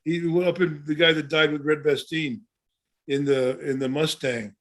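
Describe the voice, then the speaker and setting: Older man, podcast co-host, rambling chat, fairly high voice. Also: fairly even intonation, moderate pace. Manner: rambling, full of restarts and "you know". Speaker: podcast co-host and former wrestler. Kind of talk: casual storytelling chat.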